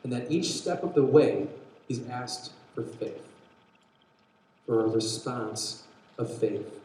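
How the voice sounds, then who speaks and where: A man preaching a sermon, telling a Bible story with lively acted-out dialogue and frequent restarts. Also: mid-range voice, slow pace. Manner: animated storytelling, acts out quotes, restarts often. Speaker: pastor. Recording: very echoey hall.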